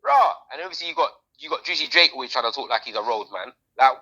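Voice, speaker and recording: A man, co-hosting a podcast in casual, slangy, animated chat. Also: medium pitch, quick pace, highs cut off. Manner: animated, slangy, talks over others. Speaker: podcast co-host.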